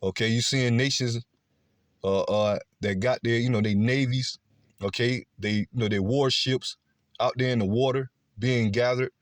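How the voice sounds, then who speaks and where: A man's voice: medium pitch, fairly even intonation, normal speed, no room sound. A man preaching a scripture-based sermon, emphatic, often adding "okay" and "man". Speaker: street preacher.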